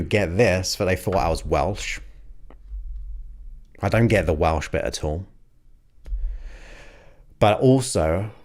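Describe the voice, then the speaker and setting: Deep-voiced chatty English host. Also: male voice. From England. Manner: animated, chatty, enthusiastic. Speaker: podcast host. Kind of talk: casual livestream chat.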